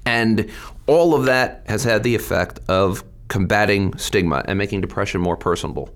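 Low-voiced male guest, lively storyteller, quick-tempered, plays out quotes. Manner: animated, quick to anger, acts out quotes. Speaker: state legislator and guest. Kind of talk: interview answers.

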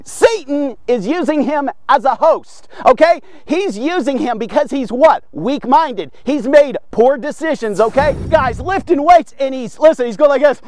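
A man's voice: very high voice, animated, unhurried, hardly any pauses, darkish tone, no echo. A man giving an emphatic devotional sermon, often stopping to check in with his listeners. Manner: emphatic, keeps checking in with "okay?" and "watch this". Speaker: devotional preacher.

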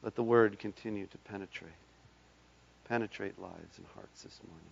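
A man leading a congregation in a fervent altar call and closing blessing, his voice rising to loud impassioned calls. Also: on the low side, normal speed, creaky, slightly rough. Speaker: pastor. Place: church sanctuary. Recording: dull lo-fi church recording.

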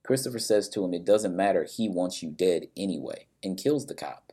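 A man's voice: low voice, animated, a little fast, warm tone, slightly rough. A man casually recapping a story and its characters, bluntly and with some swearing, briefly acting out the lines of people in it.

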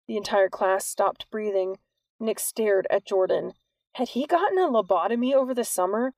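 Woman audiobook narrator, steady storytelling, gravelly voice, dry close recording. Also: mid-range voice, dry recording. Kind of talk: scripted narration.

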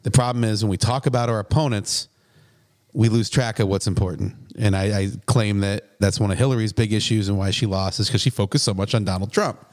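A man's voice: fairly low pitch, steady tone, fairly quick, darkish tone. A man co-hosting a casual political chat, blunt and swearing freely. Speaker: podcast co-host.

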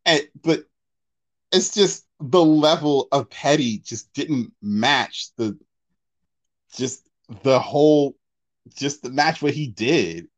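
A man's voice: mid-range voice, expressive, slow pace. A man co-hosting a casual podcast, telling a story with lots of restarts and fillers. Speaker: podcast co-host. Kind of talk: casual chat.

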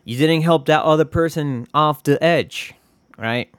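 A man's voice: fairly high pitch, unhurried, clear, resonant tone, dry recording, studio quality. A man hosting a casual solo podcast, rambling and profane, joking at his own expense. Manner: rambling, profane, self-deprecating. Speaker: podcast host.

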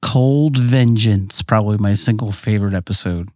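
A man's voice: lowish voice, moderate pace, darkish tone, no room sound, studio quality. A man co-hosting a podcast, chatting casually with jokey, self-deprecating humor. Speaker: podcast co-host. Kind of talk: casual chat.

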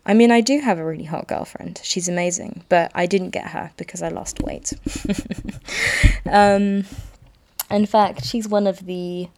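On her solo podcast, a woman in her twenties speaks openly, rambling freely, making fun of herself and laughing a lot. Her voice runs on the low side with a creaky, darkish tone at a normal speed.

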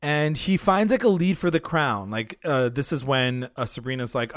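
A man's voice: medium pitch, moderate pace, no room sound, clean studio sound. A man co-hosting a podcast in loose casual chat, full of fillers and swearing.

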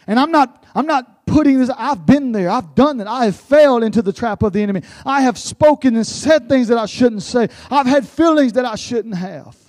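A man preaching a sermon, building to impassioned shouted pleas with a repetitive cadence. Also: extremely high pitch, expressive, normal speed, few pauses, no room sound.

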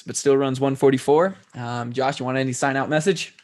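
A man's voice: mid-range voice, fairly quick. A man hosting a podcast, running the show with wry, dry jokes in casual chat. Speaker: podcast host.

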